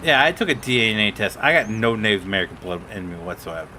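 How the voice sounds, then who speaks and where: Guy streaming a farm game, bright voice, kinda rambly, faint hum behind. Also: on the low side, sing-song, fast talker. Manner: rambling storyteller, quotes others. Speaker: streamer host. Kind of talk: casual gaming chat.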